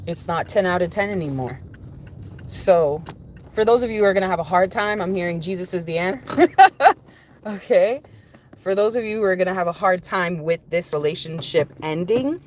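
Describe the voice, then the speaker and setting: A woman's voice: fairly low pitch, moderate pace, a little hiss or hum. A woman giving a conversational, rambling spiritual message, often repeating phrases for emphasis. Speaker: spiritual reader. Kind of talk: spiritual reading monologue.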